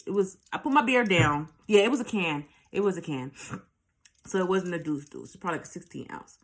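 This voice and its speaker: A woman's voice: lowish voice, animated, fairly quick. Candid New woman telling a story. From New York. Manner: candid, profane, talks straight to viewers. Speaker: vlogger. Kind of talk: storytime monologue.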